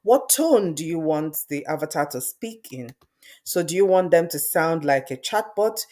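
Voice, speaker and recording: A woman presenting a screen-recorded software tutorial, explaining step by step in a conversational way, thinking aloud as she clicks. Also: low-pitched, expressive, normal speed.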